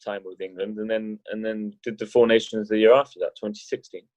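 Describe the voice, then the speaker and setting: A man with a lowish, darkish voice speaks briskly with fairly even intonation, and there's no room sound. He's a wheelchair rugby league player appearing as a podcast guest, chatting casually in an interview, rambling with many restarts and fillers and cracking jokes. The podcast audio is dull and lo-fi.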